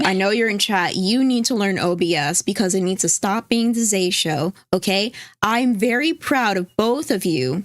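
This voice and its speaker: A woman's voice: medium pitch, no echo. A woman co-hosting a casual livestream, rambling, reading chat aloud and swearing casually. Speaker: stream co-host.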